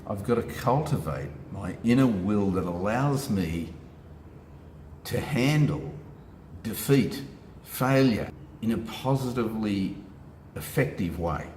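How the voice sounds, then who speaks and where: A man in an echoey room with faint background ambience, giving a motivational self-help talk. His lowish voice swings widely in pitch as he stresses each step, emphatic and animated. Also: slow, pauses often, a little hiss or hum. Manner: animated, emphatic, steps through points.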